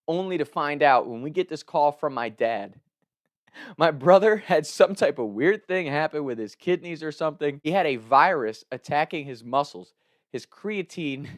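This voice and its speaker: A man's voice: on the high side, dry recording, clean studio sound. A man telling a personal story in a casual way, often laughing as he talks. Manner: laughs often while talking, animated retelling.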